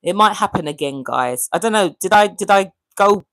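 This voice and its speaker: A woman's voice: mid-range voice, expressive, normal speed, fairly bright tone, no room sound. A woman hosting a casual livestream from home, chatting with viewers and reading their messages aloud, asking lots of friendly questions. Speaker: livestream host. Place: home room with a fan running. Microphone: desk microphone.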